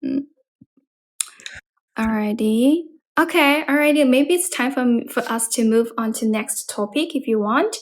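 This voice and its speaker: Woman, Chinese accent, livestream chat, higher voice, thoughtful fillers. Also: measured pace. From China. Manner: thoughtful, many fillers and soft mm-hmms. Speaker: livestream host. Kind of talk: casual English practice chat. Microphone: phone livestream.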